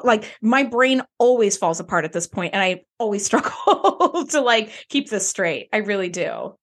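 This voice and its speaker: Woman, podcast co-host, casual recap chat, high voice, very expressive. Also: brisk. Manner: animated, acts out characters' lines in a high voice.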